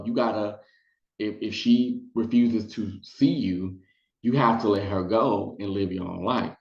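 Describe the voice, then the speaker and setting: A man telling a personal story in casual vlog style, acting out the people he quotes. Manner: animated, acts out quotes in high voices. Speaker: storytime vlogger. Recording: roomy, dull lo-fi sound.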